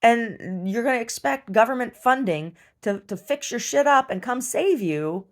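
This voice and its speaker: A woman's voice: on the high side, animated, unhurried. A woman venting bluntly and profanely in a casual video diary recorded at home. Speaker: video diarist. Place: rural property at home.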